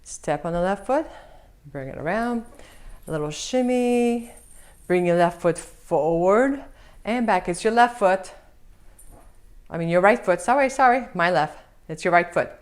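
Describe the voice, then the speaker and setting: A woman's voice: fairly low pitch, expressive, normal speed. A woman teaching an online belly dance lesson. She talks cheerfully, laughs often and counts out the moves while humming the music as "da da da".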